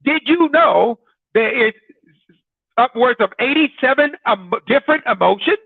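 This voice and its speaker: A man's voice: extremely high pitch, animated, measured pace, gravelly, slightly rough, no room sound. A man hosting an informal broadcast talk, conversational and full of rhetorical questions to his listeners. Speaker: broadcast host. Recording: dry, tinny phone-like sound.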